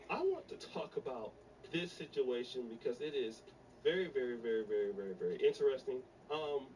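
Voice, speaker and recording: A man's voice: medium pitch, mellow. A man hosting a casual commentary show, introducing clips and repeating words for emphasis. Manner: repetitive, emphatic. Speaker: commentary channel host. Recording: distant mic, faint background noise.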